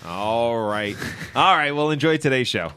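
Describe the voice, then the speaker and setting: On a very noisy recording, a podcast co-host in his thirties speaks at medium pitch and a slightly slow pace. He laughs often and tells stories with animation in relaxed conversation.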